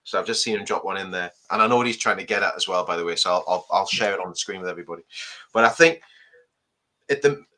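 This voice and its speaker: A man's voice: low-pitched, quick pace, pushed and bright. A man from Newcastle with a Geordie accent, hosting a podcast and making his points emphatically. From Newcastle, England. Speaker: podcast host. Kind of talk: casual podcast chat.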